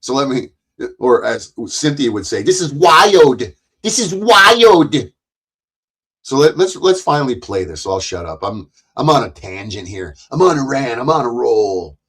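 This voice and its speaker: A man's voice: medium pitch, lively intonation, moderate pace, hardly any pauses, husky. A man streaming live, ranting in a profane, rambling and heated way about people who bait him. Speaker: live streamer reacting to clips.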